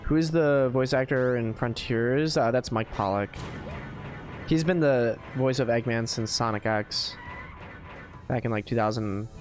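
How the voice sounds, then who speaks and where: A man's voice: medium pitch, a little slow, faint music behind. A man streaming a game with casual commentary, chatty and rambling, with lots of filler words.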